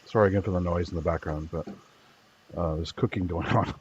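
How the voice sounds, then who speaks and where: A man's voice: low voice, fairly quick, slightly rough, muffled recording. A man co-hosting a casual chat over a video call, hesitant and apologetic, with many fillers. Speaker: co-host.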